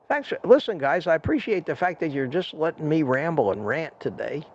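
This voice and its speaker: A man's voice: a little high, sing-song, fairly quick, hardly any pauses, no room sound. An older man hosting a live stream, rambling and ranting in a self-deprecating way and thanking his viewers by name. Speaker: livestream host. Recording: dull lo-fi stream audio.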